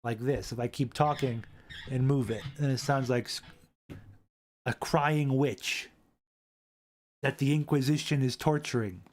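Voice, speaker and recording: A man hosting a casual live stream, rambling, repeating himself and reading chat aloud into a boom-arm desk mic. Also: unhurried, long pauses, slight background noise.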